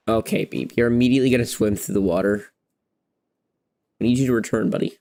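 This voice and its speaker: A man's voice: medium pitch, steady tone, fast, long pauses, dark tone, slight background noise. A man giving rambling, playful gameplay commentary at a desk mic, chatting to his cats between moments in the game. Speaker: gamer.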